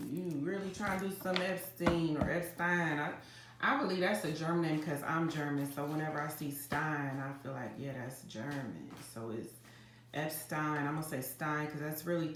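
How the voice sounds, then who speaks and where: Brief: woman tarot reader, low voice, dramatic and chatty with viewers, roomy kitchen echo. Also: noisy background. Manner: dramatic, talks straight to viewers with "y'all". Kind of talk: casual psychic reading to camera. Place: home kitchen.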